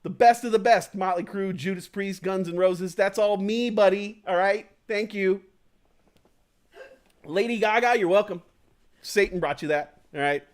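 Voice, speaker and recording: A man's voice: sits high, a little slow, voice pushed up. A man voicing a boastful, brash male Satan who swaggers and swears a lot.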